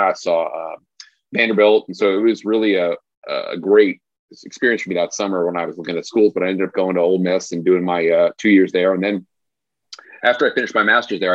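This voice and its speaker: A man from the US East Coast with a general American accent, a historian speaking as a guest in a measured way. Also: low-pitched, no room sound. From Queens and northern New Jersey. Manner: measured, frequent uh fillers. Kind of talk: casual interview chat. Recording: dull lo-fi remote audio.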